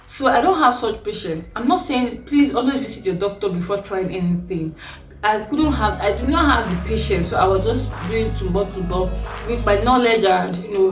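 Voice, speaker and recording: An animated young Nigerian woman recounts a personal story in vlog style, laughing often and leaping up in pitch. Her voice sits a little back from the mic in an echoey room. Faint music plays underneath. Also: far from the mic. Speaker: vlogger.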